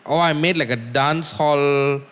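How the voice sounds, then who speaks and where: A man, a guest musician, tells stories on a casual podcast in an animated way, swearing and using a lot of "like". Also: a little high, measured pace, clean tone, long reverb tail.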